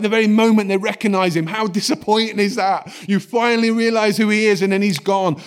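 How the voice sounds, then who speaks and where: A man, preaching a sermon in a lively storytelling way and dropping to soft, quiet tones for scripture. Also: high voice.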